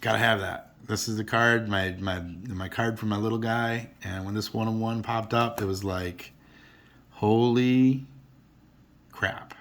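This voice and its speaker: A man's voice: fairly low pitch, steady tone, normal speed, few pauses, a bit bright. A middle-aged man chatting casually to camera about his collection, rambling and earnest with many restarts. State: emotional, teary. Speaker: card collector vlogger.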